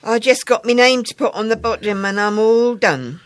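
A large, amiable schoolboy gives blunt, short answers in plain dialect, as a woman voices him in a read-aloud story. His voice sits a little above the reader's deep natural tone. He sounds easygoing and unhurried. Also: no echo, natural voice.

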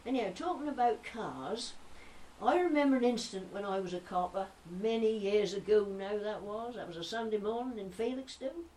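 A woman's voice: medium pitch, expressive, normal speed, mellow, recorded from a distance, slight background noise, pitched above the performer's own voice, lightly acted. A woman voicing a chatty old Norfolk countrywoman with a broad rustic accent, spinning jokey yarns. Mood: jolly yarning.

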